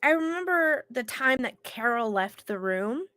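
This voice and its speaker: Animated woman co-host, congested voice. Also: fairly high pitch, unhurried, no echo. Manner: animated storyteller, swears casually. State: congested from illness. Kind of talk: casual podcast chat.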